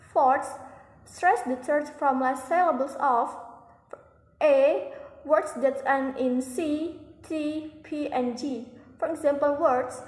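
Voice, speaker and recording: Slow, high-voiced young woman reading. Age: young adult. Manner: slow, careful reading with restarts. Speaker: student presenter. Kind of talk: reading a class presentation. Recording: echoey room with long reverb.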